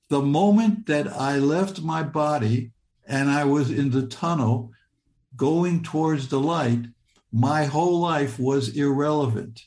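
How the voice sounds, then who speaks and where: An older man in his seventies tells a personal story in a somewhat high voice. He halts, restarts and repeats words, recounting it in vivid present tense, and his voice carries a roomy echo. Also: takes it slowly, a little mellow. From Michigan, United States.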